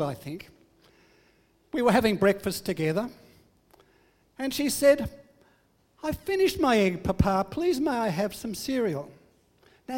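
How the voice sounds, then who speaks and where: A man's voice: high-pitched, darkish tone, in a large hall. An older man giving a sermon, telling family stories in a humorous, self-deprecating way. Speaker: preacher.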